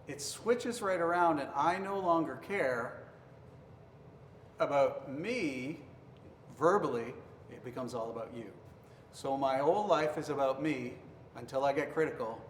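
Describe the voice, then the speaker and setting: A man pastor giving an earnest marriage devotional teaching, sometimes acting out accusing tones to make a point. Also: fairly high pitch. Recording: roomy reverberant hall, faint noise.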